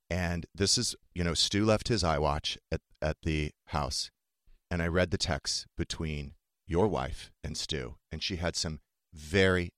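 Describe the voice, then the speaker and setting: A man's voice: low-pitched, fairly bright tone, no room sound, clean studio sound. A man hosting a talk podcast, candidly and emotionally retelling a painful family fight in casual chat. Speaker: podcast host.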